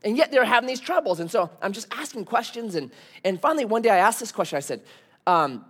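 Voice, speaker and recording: A male pastor delivers a sermon with a high voice that swings widely in pitch. He talks to the congregation conversationally, telling stories and throwing out rhetorical questions. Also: big pitch swings, quick pace, fairly bright tone, husky.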